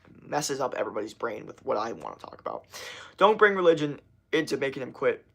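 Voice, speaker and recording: A man's voice: medium pitch, very animated, quick pace, gravelly. A young man hosting a livestream, chatting casually in a rambling, profane way with many restarts. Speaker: livestream host.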